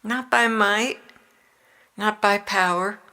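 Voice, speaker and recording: An older woman reading the words of Jesus as a gentle, loving divine man, with tender, encouraging exhortation in a devotional reading. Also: mid-range voice, steady tone, slow.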